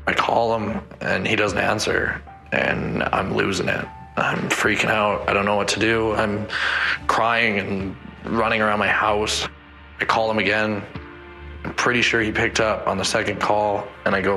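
A man's voice: lowish voice, steady tone, unhurried, gravelly, pushed and bright, faint music behind, low-quality recording. A young man in a documentary interview, emotionally recounting events with quoted dialogue. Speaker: victim's son interviewed.

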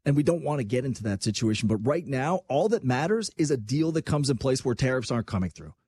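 A young man giving an impassioned, animated opinion rant, talking about his country as if from there, with mocking asides. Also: medium pitch, fast, breathy edge, no echo. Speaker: political commentator. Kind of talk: opinionated political talk.

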